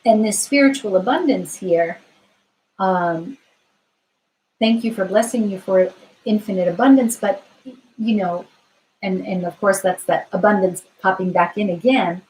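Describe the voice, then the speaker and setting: Gentle woman reading tarot cards live. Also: medium pitch, a little slow, pauses often, low-quality recording. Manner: gentle, reassuring, thinks aloud with frequent fillers. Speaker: tarot card reader. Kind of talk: live-stream card reading, answering viewer questions.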